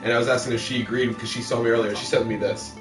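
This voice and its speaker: A man co-hosting a talk show, joking in quick casual chat. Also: mid-range voice, level tone, echoey room, distant mic, over music.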